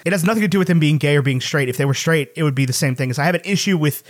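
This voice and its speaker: A man's voice: on the high side, racing. A man co-hosting a casual chat, thoughtful and hedging, often trailing off mid-thought. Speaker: podcast co-host.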